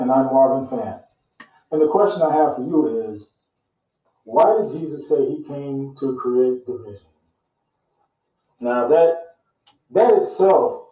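A man hosts his own show and teaches on scripture in an unhurried, deliberate way, going back over phrases to drive them home. His voice rings around a very reverberant room, and the sound is dull and muffled. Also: medium pitch, far from the mic. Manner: slow, deliberate, repeats phrases for emphasis. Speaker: host and Bible teacher. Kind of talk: casual Bible teaching.

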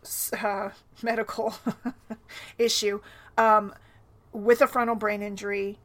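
A woman's voice: medium pitch, flat delivery, slow, fairly bright tone. A woman hosting a casual solo podcast, talking in a chatty, rambling way with frequent restarts and tag questions, foggy from a sinus headache. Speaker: podcast host.

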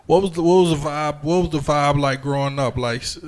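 A man's voice: a little high, fast talker. Easygoing male podcast host. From New York, raised in North Carolina. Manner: easygoing, stumbles and repeats words while asking. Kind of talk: casual interview hosting.

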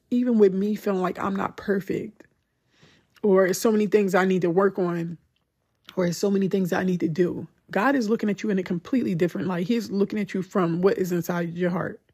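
A woman's voice: medium pitch, a little mellow, slightly rough. A young woman hosting a podcast, telling a personal story in a conversational, emotional way with many "like"s. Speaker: podcast host.

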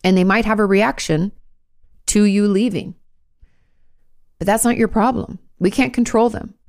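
A woman's voice: mid-range voice, moderate pace, a little mellow, no echo, studio quality. A woman therapist giving direct, reassuring advice in answer to viewers' questions. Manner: direct and reassuring, coaching the listener.

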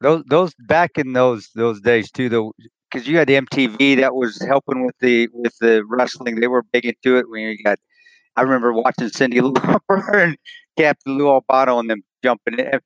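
A man's voice: mid-range voice, moderate pace, no room sound. A man hosting a podcast, casually chiming in and reminiscing with his guest. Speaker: podcast host. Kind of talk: casual chat. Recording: dry, dull lo-fi sound.

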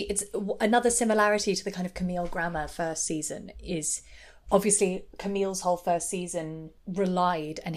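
A woman co-hosting a podcast, talking casually in a rambling way with lots of fillers. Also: on the low side. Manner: rambling, filler-heavy, acts out quotes. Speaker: podcast co-host. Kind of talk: casual chat.

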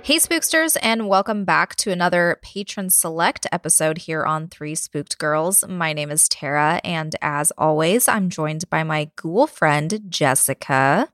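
Lady podcast host, kinda low voice, chatty, dry close mic. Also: expressive, a little slow, few pauses, fairly bright tone, dry recording, soft background music. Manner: chatty, laughs easily, casual swearing. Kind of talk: casual podcast narration of history.

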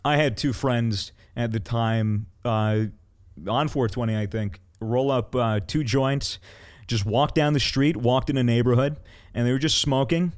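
A man's voice: mid-range voice, a little slow, clear, resonant tone. Loose, swearing young man telling a story. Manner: swears freely, loose rambling delivery with fillers; acts out quoted people in raised voices. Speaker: podcast co-host. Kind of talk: casual storytelling chat.

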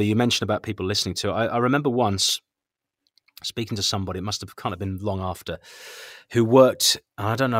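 A man, a former radio commentator, reminiscing in a relaxed interview with chuckles and frequent self-corrections. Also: fairly low pitch, dry recording, clean studio sound.

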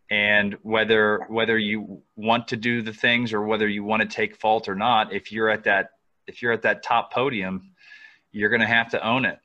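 Bright, lowish-voiced affirming man. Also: lo-fi sound. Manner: agreeable, affirming. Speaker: podcast co-host. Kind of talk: casual conversational talk.

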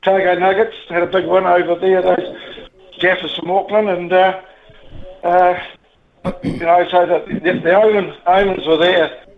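A man's voice: sits high, flat delivery, unhurried. A man with a New Zealand accent calling in to a radio show, talking bluntly and emotionally, rambling and swearing casually. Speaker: radio caller. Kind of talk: casual phone-in chat. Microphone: telephone. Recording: tinny phone line.

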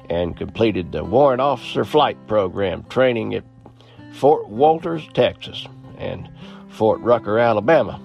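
A man's voice: on the low side, a little mellow. Earnest man narrating a history. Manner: earnest read-aloud with small slips and throat clearing. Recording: slightly dull lo-fi audio with faint music.

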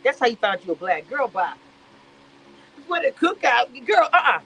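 A woman giving sassy, animated reality-show commentary on a live stream. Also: fairly high pitch, fairly quick, slight background noise, rough recording.

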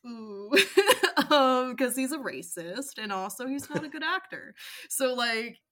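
A podcast guest from Massachusetts, chatting casually with sarcastic humor and many fillers. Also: female voice, fairly high pitch, animated, measured pace, bright, forceful tone.

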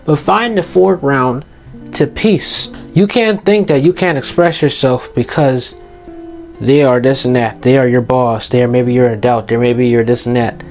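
With faint music behind him, a teen boy speaks at a normal pace in a mid-range, darkish voice. His monologue to viewers is passionate and sincere motivational advice, with the key ideas repeated.

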